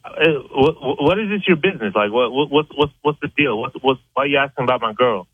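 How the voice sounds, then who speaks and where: A man's voice: mid-range voice, animated, fast talker, husky, dry recording. A man answering a prank call, defensive and stammering, repeating words and cutting off curses. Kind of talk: angry phone call. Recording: dull lo-fi phone line.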